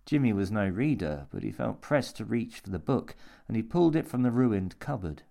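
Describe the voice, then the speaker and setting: A man reading a horror story aloud as narrator, measured and slowing on key images. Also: fairly low pitch, sing-song, gravelly, warm tone.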